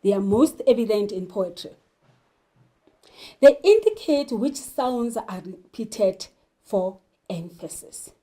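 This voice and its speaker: A woman teacher explaining poetry and literature terms, slowly asking questions and answering them herself. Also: medium pitch, big pitch swings, mellow. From South Africa. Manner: slow, deliberate, poses questions then answers them. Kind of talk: literature lesson.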